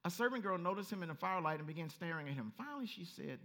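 A male pastor preaching a lively, story-driven sermon and acting out voices as he goes. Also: high-pitched, racing. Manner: animated storytelling, acts out voices, laughs.

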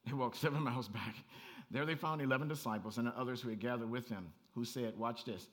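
A man preaching a sermon as pastor, animated and conversational, rising to near-shouts and breaking into laughing asides. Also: mid-range voice, fast talker.

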